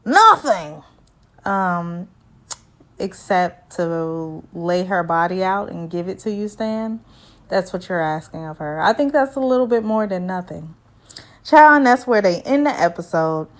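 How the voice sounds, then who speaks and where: A woman recapping a reality show in a casual, sassy, teasing way, with lively asides. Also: on the low side, measured pace. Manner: sassy, animated, playful teasing.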